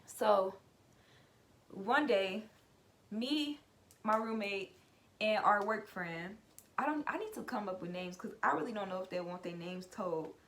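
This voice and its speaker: A woman's voice: mid-range voice, expressive, unhurried, pauses often, fairly bright tone. Chatty young woman telling a story. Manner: chatty, loose and conversational, full of "like" and "y'all". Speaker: vlogger. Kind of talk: casual story time.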